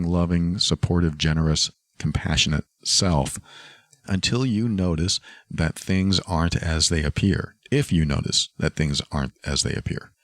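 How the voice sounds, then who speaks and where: A man hosting a podcast, giving calm, thoughtful relationship advice and acting out short example phrases. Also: sits low, no room sound, studio quality. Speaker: podcast host. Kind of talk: reflective advice talk.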